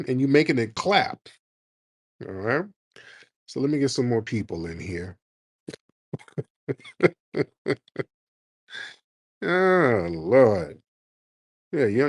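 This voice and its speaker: A male host of a call-in show argues with a caller in a mocking, combative way and talks right over him. His voice sits at a middle pitch and comes across dry and close, with no room echo. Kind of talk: heated call-in debate.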